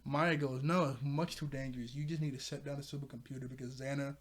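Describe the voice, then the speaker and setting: A man's voice: mid-range voice, steady tone. A young man casually recapping a cartoon episode, rambling with frequent restarts and laughs, briefly acting out the characters' lines. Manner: rambling, laughs often, acts out lines in quick bits. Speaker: show reviewer.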